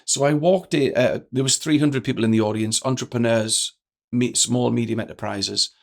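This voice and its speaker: A man, a guest telling stories in a lively way and acting out the lines of the people in them. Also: medium pitch, normal speed, gravelly. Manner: energetic, acts out quoted dialogue. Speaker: guest speaker. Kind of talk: animated storytelling in a podcast interview.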